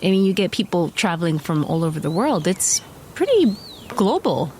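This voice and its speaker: A woman's voice: on the low side, very animated, mellow, a little hiss or hum. A woman guest on a podcast, chatting casually and laughing easily. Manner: laughs easily, slow and lilting. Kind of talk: casual chat.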